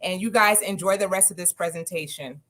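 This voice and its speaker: A woman's voice: lowish voice, brisk, fairly bright tone. Earnest woman giving a testimonial. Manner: earnest, upbeat, emphatic. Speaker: guest speaker sharing a testimonial. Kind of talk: personal testimonial.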